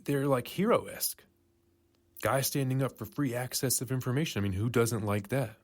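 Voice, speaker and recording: A man's voice: mid-range voice, normal speed. A man hosting a casual news commentary show, rambling and conspiratorial, often correcting himself mid-sentence. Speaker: podcast host.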